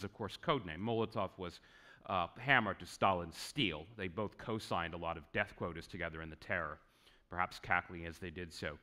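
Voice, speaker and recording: Lively, wry man giving a lecture. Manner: conversational and wry, with asides to the audience; lively, swinging pitch for emphasis. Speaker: historian giving a conference lecture. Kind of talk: conference lecture. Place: conference hall.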